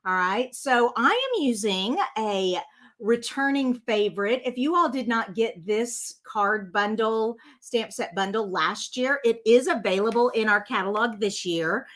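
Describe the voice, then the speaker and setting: A woman's voice: on the high side, measured pace. Chatty lady hosting a craft livestream, lots of ums, talks right to her viewers. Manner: chatty, warm to viewers, rambling with many fillers. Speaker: card-making channel host. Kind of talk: casual live-stream chat.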